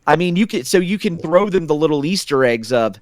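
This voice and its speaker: A man's voice: a little high, lively intonation, brisk, darkish tone, no echo, clean studio sound. A man co-hosting a casual podcast, talking loosely with plenty of "like" fillers. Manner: loose, filler-heavy with lots of "like". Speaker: podcast co-host.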